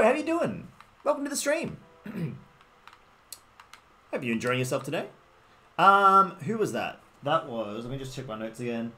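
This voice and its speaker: An Australian man casually streams a game, rambling as he greets viewers and answers their chat messages. His voice sits on the high side with a bright, forceful tone. A desktop microphone picks him up, with faint music playing in the background.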